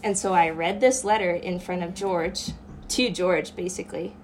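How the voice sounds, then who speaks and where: Female podcast guest, lower voice, reflective personal storyteller, casual and earnest. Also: steady tone, normal speed, slight background noise. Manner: earnest, reflective, with many fillers like "um" and "like".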